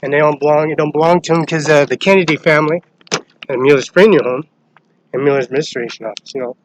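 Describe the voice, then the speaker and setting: A man's voice: fairly high pitch, steady tone, fast talker, noisy background. An agitated man delivering a rambling, profane complaint that jumps from topic to topic.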